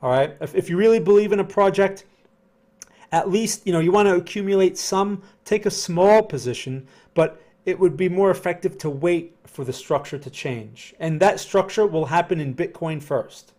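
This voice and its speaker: A man hosting a live trading stream, speaking slowly and conversationally, repeating words and answering chat comments. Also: high voice, a little mellow. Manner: conversational, repeats himself, reads chat aloud; slow, deliberate delivery. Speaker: trading educator. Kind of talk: live-stream market analysis.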